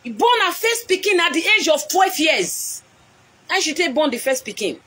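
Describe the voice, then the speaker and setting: Speaking on a live stream, a Nigerian-accented prophetess delivers an impassioned, emotional address and repeats lines to drive them home. Her voice sits high and a bit bright, swinging widely in pitch at a moderate pace.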